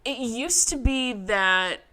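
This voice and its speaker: A woman co-hosting a podcast, chatting casually in a profane, animated storytelling way. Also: a little high, slow. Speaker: podcast co-host. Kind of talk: casual recap chat.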